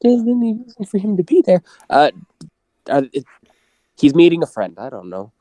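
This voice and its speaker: A man talking as a tabletop game player. He has a mellow, dark voice that moves a lot in pitch, and the sound is dry and close. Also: wildly swooping pitch, moderate pace, dry recording. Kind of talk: casual chat.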